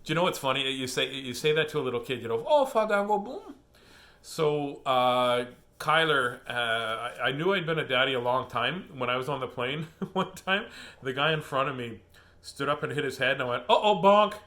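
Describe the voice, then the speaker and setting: A man's voice: mid-range voice, fairly quick, pushed and bright. A middle-aged man hosting a casual book reading, rambling and laughing as he gets sidetracked. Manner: laughing, chatty, easily sidetracked. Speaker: host reading children's books aloud.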